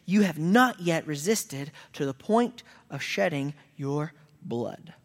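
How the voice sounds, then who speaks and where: A man's voice: on the high side, lively intonation, slow pace. A man preaching a sermon as pastor, earnest, raising his voice for emphatic quoted lines. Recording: long reverb of a hall.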